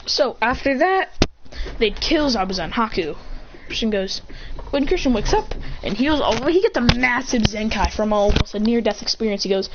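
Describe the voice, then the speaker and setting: A woman's voice: fairly high pitch, lively intonation, normal speed. A woman casually telling an anime fan story in a rambling, self-correcting way. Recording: muffled with faint hiss.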